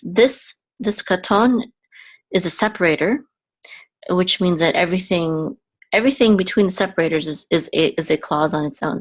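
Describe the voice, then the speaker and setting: A woman teaching how to read and chant scripture, explaining patiently with pauses and restarts. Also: fairly low pitch. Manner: patient, hesitant, with fillers and restarts while pointing at text. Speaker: Biblical Hebrew teacher. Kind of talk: explanatory lesson with chanted examples.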